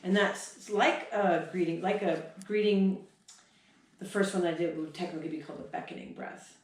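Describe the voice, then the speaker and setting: Explaining breathing signals at a horse workshop, a lowish-voiced woman trainer talks at a moderate pace, chatty, pausing to demonstrate with sighs and huffs. The recording picks up an echoey hall from a distant mic, plus slight hiss or hum.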